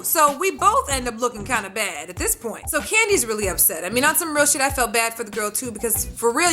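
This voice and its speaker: A woman's voice: high voice, sharp tone. A woman casually recapping a reality show episode in a brash, sassy, profane way, acting out the cast's lines. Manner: brash, sassy, swearing, acts out quotes.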